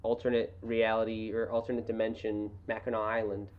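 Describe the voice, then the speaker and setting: A woman's voice: extremely low pitch, level tone, a little fast. Rambling young woman on a dull recording. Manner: rambling, restarts, sarcastic asides. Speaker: podcast co-host. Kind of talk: casual book discussion. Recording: rough, dull amateur audio.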